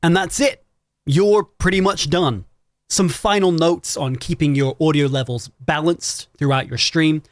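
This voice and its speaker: A man hosting a tutorial on microphone quality for live streaming, explaining clearly and demonstrating his voice at different volumes. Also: on the high side, measured pace, no room sound, studio quality. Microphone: studio microphone with processing.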